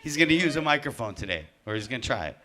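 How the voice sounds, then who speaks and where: Bright-voiced male open mic emcee. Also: medium pitch, very animated, rapid-fire. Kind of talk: announcing the next act.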